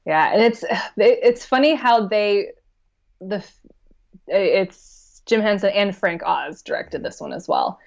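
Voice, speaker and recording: A woman discussing a movie on a podcast, easygoing and conversational, often pausing to think mid-sentence. Her mid-pitched voice comes through a slightly dull, lo-fi recording. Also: creaky. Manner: relaxed, thinks aloud with fillers and laughs. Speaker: podcast guest. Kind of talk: casual film discussion.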